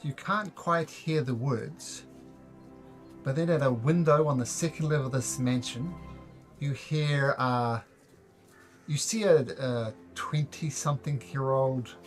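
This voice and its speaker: A man's voice: medium pitch, slow, faint music behind. A man narrating a tabletop game as game master, in a loose, jokey way.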